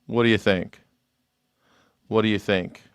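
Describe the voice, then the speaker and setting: A man's voice: lowish voice, steady tone, unhurried, clean tone, dry recording, clean studio sound. A man hosting a live stream in a sarcastic, mocking tone, laughing often and repeating his taunts.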